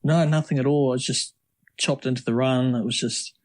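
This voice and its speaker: A middle-aged man, a guest on an interview podcast, telling lively, rambling stories with many restarts. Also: mid-range voice, fairly quick. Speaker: triathlete guest. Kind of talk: casual storytelling interview.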